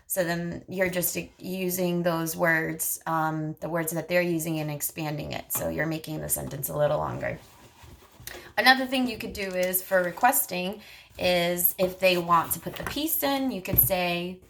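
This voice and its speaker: A woman's voice: fairly low pitch, unhurried, creaky, a little hiss or hum. A woman speech therapist coaching parents, patiently modeling short phrases in a sing-song voice. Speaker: speech-language pathologist.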